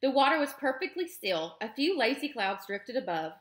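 A woman teacher reading a children's novel aloud in a clear, expressive storytelling manner. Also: on the high side, moderate pace. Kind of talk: children's book read-aloud. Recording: roomy echo.

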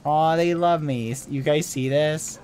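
A man's voice: on the high side, fairly even intonation, measured pace, a little mellow, slight background noise. A young man chatting casually on a live gaming stream, playful and doting, humming little made-up songs and cooing at his pets. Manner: coos at his pets in a baby-talk tone. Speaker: livestreamer.

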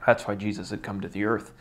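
A young man giving a relaxed, chatty Bible study talk, laughing lightly now and then. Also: lowish voice, gravelly. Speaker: Bible teacher. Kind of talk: casual Bible study video.

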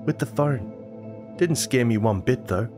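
A man's voice: medium pitch, lively intonation, measured pace, music in the background, close to an everyday voice. A man reading the lines of a young boy who insists he is not scared. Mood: defensive. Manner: insistent, trying to sound unconcerned.

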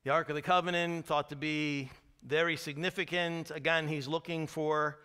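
A man preaching a sermon as pastor, telling the story with animated energy, acting out the screams and cries, then dropping to hushed tones at solemn points. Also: a little high, normal speed, smooth.

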